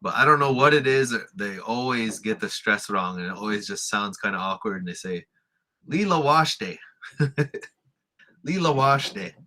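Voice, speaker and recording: A man from a Lakota community teaching a language lesson in an easygoing, chatty manner. His voice sits a little low but sounds bright and forceful. He pauses on example words and says them slowly. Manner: relaxed, explains with fillers and repeats example words. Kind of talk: casual spoken lesson.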